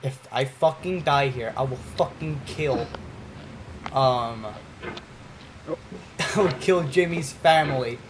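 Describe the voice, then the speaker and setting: A young gamer giving casual, profane commentary over gameplay, often mumbling low and swearing. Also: takes it slowly, long pauses, background noise. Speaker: gaming youtuber.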